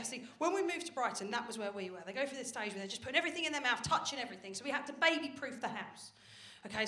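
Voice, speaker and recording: On stage at a comedy venue before a live audience, a woman comedian with a high-pitched, fairly bright voice does her stand-up set. Her style is chatty and confiding, with casual swearing, and the roomy recording picks up the crowd.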